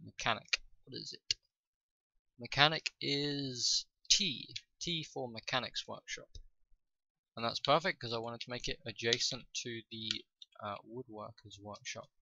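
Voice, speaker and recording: A man giving casual commentary over his own gameplay, thinking aloud with frequent fillers and pauses. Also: medium pitch, fairly even intonation, noisy background. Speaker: gaming video host.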